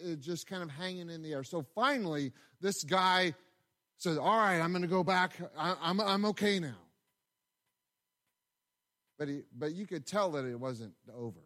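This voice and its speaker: A pastor preaching a sermon in a conversational, storytelling way, with asides to the congregation and frequent repeated words. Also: male voice, sits high, a bit bright.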